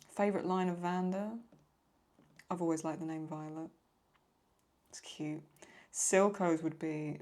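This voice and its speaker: Rambling woman, lowish voice. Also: a little mellow. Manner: rambling, paraphrasing lines, apologizes for getting stuck. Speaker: YouTube host answering viewer questions. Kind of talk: casual chat.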